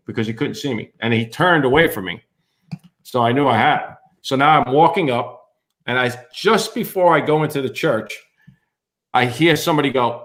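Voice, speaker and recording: A man's voice: medium pitch, moderate pace. A man, a firefighter on a podcast, telling a story in casual chat and acting out the voices of the people in it. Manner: animated, acts out other voices.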